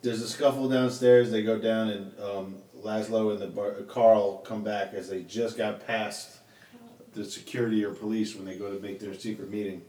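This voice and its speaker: A man's voice: lowish voice, flat delivery, normal speed, mellow. Laid-back man, roomy and distant. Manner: rambling, laid-back, slangy. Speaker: podcast co-host. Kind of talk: casual chat recapping a film.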